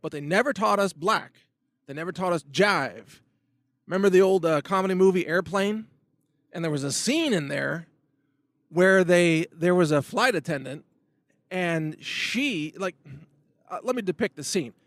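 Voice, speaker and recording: A man's voice: high-pitched, expressive, unhurried, fairly bright tone, no room sound. A middle-aged man hosting his own show, giving an emphatic opinion monologue that rambles with restarts and asides. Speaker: host of a video commentary show.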